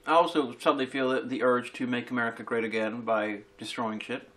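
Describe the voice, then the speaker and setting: A man chatting casually as host of a tasting video, making dry, deadpan jokes. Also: medium pitch, fairly quick, poor audio. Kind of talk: casual chat.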